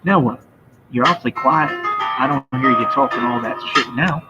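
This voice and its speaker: A man's voice: medium pitch, moderate pace. A man ranting on a livestream in a profane, combative, boastful way. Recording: dull lo-fi sound with loud music behind. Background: loud music.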